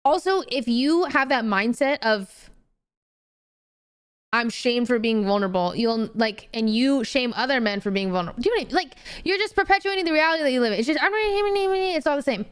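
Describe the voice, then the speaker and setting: Animated high-voiced young woman ranting. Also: fast talker, hardly any pauses. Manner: animated, swears freely, gets heated. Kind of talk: casual chat.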